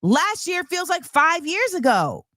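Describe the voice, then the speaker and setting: A woman's voice: extremely high pitch, measured pace, no room sound. Chatty woman host with a dry sound. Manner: animated, chatty, lots of fillers and laughs. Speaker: show host. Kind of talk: casual commentary show.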